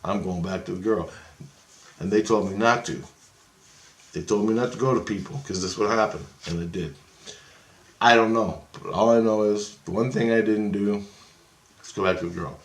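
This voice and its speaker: A man's voice: fairly low pitch, normal speed, pauses often, roomy sound. A man telling a rambling first-person story with lots of swearing, agitated and jumping into the voices of people in his tale. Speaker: vlogger recounting astral travel.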